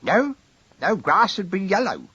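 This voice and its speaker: A little old country bird catcher with a thin, piping voice that leaps up into shrill trumpeting when he gets excited. He sounds shy yet boastful, with a husky edge. The audiobook reading is slightly muffled and dry. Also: unhurried, dry recording, full character voice. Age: older. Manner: high-pitched trumpeting, excited.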